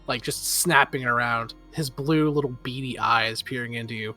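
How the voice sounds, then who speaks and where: A man narrating a tabletop game as game master, relaxed with frequent filler pauses. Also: medium pitch, faint music behind.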